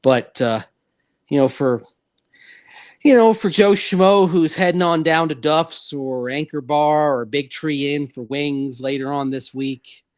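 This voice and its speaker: A man co-hosting a sports talk radio show, talking in an animated, rambling way with frequent restarts. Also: a little high, unhurried, dry recording.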